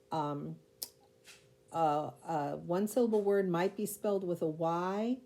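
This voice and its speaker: Patient woman teacher, mellow and unhurried, spells words out one letter at a time. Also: on the low side. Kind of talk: spelling lesson.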